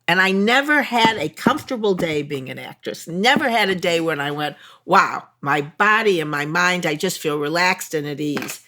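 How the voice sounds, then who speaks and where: Older woman, Chicago accent, bright voice, candid, animated guest. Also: medium pitch. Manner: animated, frank, self-deprecating. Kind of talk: candid interview conversation.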